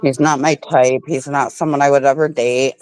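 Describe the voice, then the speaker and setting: A woman chatting casually on a livestream, animated and swearing freely as she tells stories. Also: extremely low pitch, normal speed. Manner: animated, swearing, talks with mouth full. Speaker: livestream guest. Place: home.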